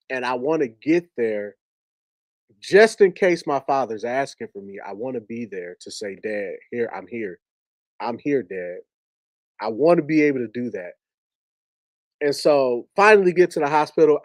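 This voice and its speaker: A man's voice: mid-range voice, dry recording. A man sharing a heartfelt personal story with an audience, emotional and repetitive, often restarting his sentences. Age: adult with a wife and two young kids.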